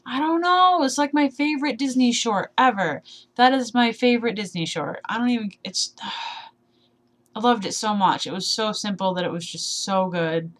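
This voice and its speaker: A woman's voice: medium pitch, moderate pace. A twenty-one-year-old woman chatting casually in a vlog, rambling and laughing at herself, slightly sleep deprived. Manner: rambling, self-deprecating, giggly. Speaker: vlogger. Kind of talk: casual tag video chat.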